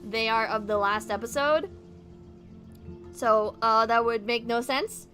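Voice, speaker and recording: A young woman in her twenties streaming a game live, gushing excitably and swearing casually as she chats to viewers. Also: a little high, slow pace, faint music behind.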